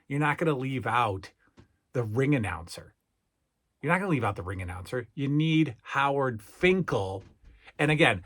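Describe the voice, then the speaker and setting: Hyped middle-aged man pitching toys. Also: a bit bright. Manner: emphatic salesman-like patter, repeats phrases. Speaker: toy collector channel host. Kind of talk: hyped toy review vlog.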